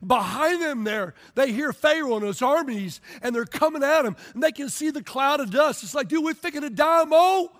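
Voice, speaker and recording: High-voiced preacher in a reverberant hall. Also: male voice, moderate pace, few pauses. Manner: animated storytelling, acts out voices, bursts into shouts. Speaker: pastor. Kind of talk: lively sermon.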